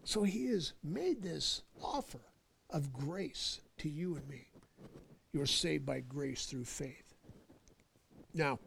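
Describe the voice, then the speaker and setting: A man preaching a sermon in an emphatic way, repeating key phrases and slowing down to stress words. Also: on the high side, animated, creaky, a bit bright, a little hiss or hum.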